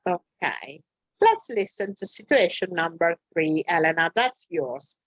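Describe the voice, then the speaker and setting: A woman, an English teacher leading an online lesson, who talks slowly and haltingly with many fillers. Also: on the low side, animated, fairly bright tone, dry recording, dull audio.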